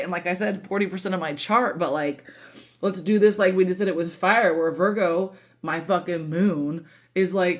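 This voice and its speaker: A woman's voice: fairly low pitch, normal speed. A woman giving a casual tarot reading, emotional and candid, swearing freely and talking with lots of fillers. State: voice breaking with emotion. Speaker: tarot reader.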